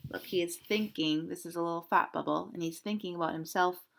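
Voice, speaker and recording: A woman with a lowish, gravelly voice reads a picture book to children a little quickly. She's animated and interactive, asking them questions about the pictures.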